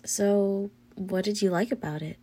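An audio role-play performer, a woman with a medium-pitched, fairly even voice, plays a teasing girlfriend. She whispers breathily and without hurry, adding soft hums and giggles.

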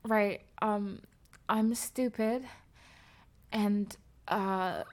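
A woman playing a breathy, flustered young streamer. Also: medium pitch, steady tone, darkish tone. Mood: breathless.

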